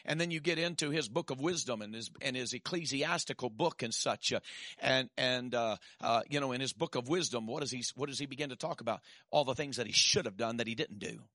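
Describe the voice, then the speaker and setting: A man preaching a sermon, swinging from shouted peaks to quiet asides and dropping in "amen.". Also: medium pitch, a little fast, no echo, clean studio sound.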